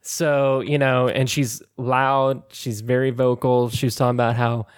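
A man's voice: medium pitch, little pitch movement, a little slow, smooth. A man on a podcast, chatting casually and telling a long story, laughing often and acting out what people said. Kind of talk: casual chat.

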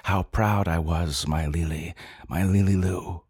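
A man giving intense, brooding narration of a story, slow and deliberate. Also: low voice, steady tone, darkish tone, husky, dry recording, clean studio sound. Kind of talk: dramatic audiobook narration.

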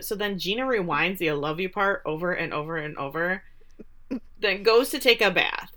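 A woman's voice: medium pitch, fairly quick, bright, forceful tone. A woman co-hosting a podcast, recapping a TV episode in a casual, chatty way with wry asides. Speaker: podcast co-host.

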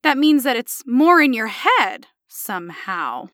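A woman's voice: on the high side, very animated, unhurried, a bit bright, no echo, clean studio sound. A woman co-hosting a podcast, explaining research in a sarcastic, incredulous way. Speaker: podcast co-host. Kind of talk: casual podcast chat.

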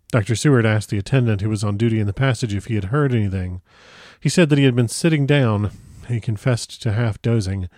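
A man narrating a classic novel in a measured, grave storytelling manner on a close microphone. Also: on the low side, a little mellow, no echo. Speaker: audiobook narrator.

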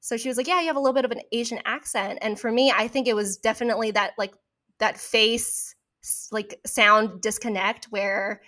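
A young woman from California talks in a thoughtful, halting way during a casual conversation, restarting her sentences often. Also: mid-range voice, a bit bright. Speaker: actor, co-host.

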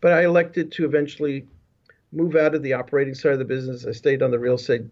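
A man's voice: medium pitch, level tone, fast. A man telling his life story as an interview guest over a remote video call, rambling with frequent restarts and asides. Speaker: guest, business leadership consultant. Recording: dull lo-fi call audio.

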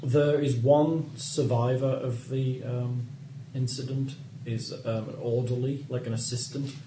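A man's voice: mid-range voice, unhurried. A man with a northern English accent, chatting and narrating as the game master of a tabletop session. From Northern England. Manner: relaxed, rambling, says he reins in his accent. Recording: roomy home recording with background noise.

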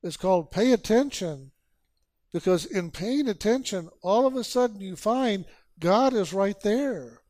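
A man's voice: sits high, lively intonation, darkish tone, dry recording, studio quality. A man giving a spiritual sermon as a teacher, urging listeners with repeated phrases and rhetorical questions. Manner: slow, repetitive exhortation with rhetorical questions.

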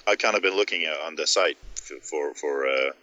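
Deep, bright-toned co-host man. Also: no room sound, highs cut off. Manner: halting, restarts a lot. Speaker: podcast co-host. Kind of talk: casual chat.

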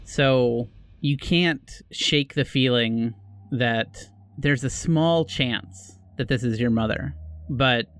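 A man's voice: mid-range voice, fairly bright tone, clean tone, no room sound. Male game master narrating horror. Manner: descriptive, drawn-out narration. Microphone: podcast microphone.

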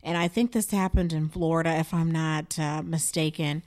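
A woman's voice: sits low, fairly even intonation, moderate pace, darkish tone. A woman co-hosting a casual discussion, talking in an impassioned, emphatic way.

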